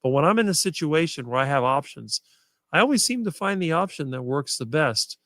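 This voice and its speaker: Middle-aged male guest, smooth talker with no ums, dry close mic. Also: fairly high pitch, expressive, fairly bright tone, dry recording. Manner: fluent and quick, few fillers. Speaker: guest on a diet talk show. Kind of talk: casual conversation on a live stream.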